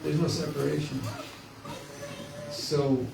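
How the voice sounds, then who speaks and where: Speaking slowly in a fairly high, gravelly voice with little pitch movement, a man gives a casual spiritual class full of jokes and acted-out inner voices. The room echoes, there's faint hiss, and the mic is distant.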